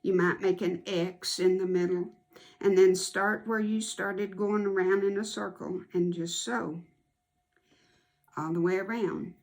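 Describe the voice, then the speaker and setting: A woman giving an unhurried, homey step-by-step sewing tutorial as a quilting instructor. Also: medium pitch.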